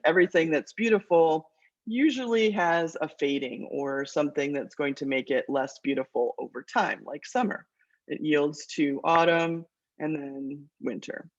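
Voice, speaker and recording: A woman, a college English teacher lecturing her class and reading verse aloud in a measured rhythm. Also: deep voice. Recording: dull lo-fi lecture recording.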